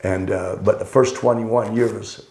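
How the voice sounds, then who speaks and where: A man's voice: fairly low pitch, steady tone, unhurried, a little mellow. An older man telling rambling, wry anecdotes in casual conversation, often correcting himself mid-sentence. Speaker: storyteller guest. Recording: roomy echo.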